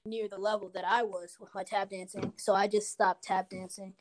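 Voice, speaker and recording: A woman's voice: medium pitch, level tone, moderate pace. A young woman in casual chat, telling a personal story frankly, with plenty of swearing and filler words. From Minnesota.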